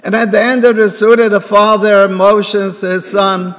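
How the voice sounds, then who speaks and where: A rabbi's sermon echoes through a synagogue hall, his high, fairly bright voice showing little pitch movement at a normal pace. Within it he relates a parable and speaks the characters' lines himself.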